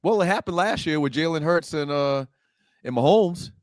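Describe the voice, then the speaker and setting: A man co-hosting a casual sports talk show, brisk and brushing off teasing. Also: fairly high pitch, no echo, studio quality. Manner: brisk, runs quick game picks, brushes off teasing. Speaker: co-host.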